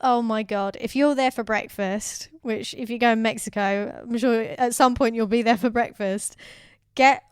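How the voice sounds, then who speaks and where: A woman's voice: on the high side, steady tone, moderate pace, smooth, no room sound, clean studio sound. A woman co-hosting a travel vlog, chatting casually with many fillers and easy laughs. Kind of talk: casual chat.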